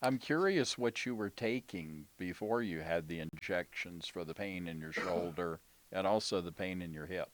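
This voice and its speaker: In a casual interview, a man with a low voice questions a patient and encourages her answers, offering frequent backchannels. He speaks at a moderate pace with few pauses.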